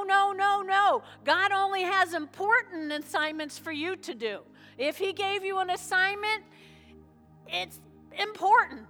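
Woman pastor, high bright voice, lively conversational preaching, long church-hall reverb. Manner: animated, conversational preaching with frequent check-ins to the congregation. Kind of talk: sermon. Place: church sanctuary.

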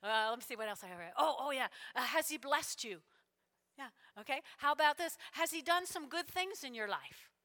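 A woman preacher with a high, bright, forceful voice delivers an animated sermon, circling back to her points and asking "all right?" again and again. Her voice rings out with a long reverb, as in a large church sanctuary. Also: brisk. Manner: animated, repeats lines, checks in with "all right?".

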